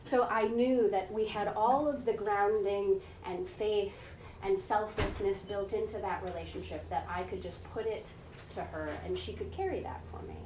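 A woman's voice: medium pitch, moderate pace, darkish tone. Female preacher, 40s, chatty sermon storytelling, picked up from across a roomy hall, faint room noise. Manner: conversational, often asks "right?", acts out voices. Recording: echoey room heard from a distance.

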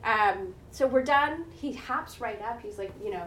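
A woman's voice: fairly high pitch, animated, measured pace. Female preacher, 40s, chatty sermon storytelling, picked up from across a roomy hall, faint room noise. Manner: conversational, often asks "right?", acts out voices. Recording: echoey room heard from a distance.

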